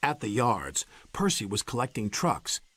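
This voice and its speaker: A man narrating a children's story with an animated, scripted delivery. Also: medium pitch, unhurried. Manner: lively, animated telling. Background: background music.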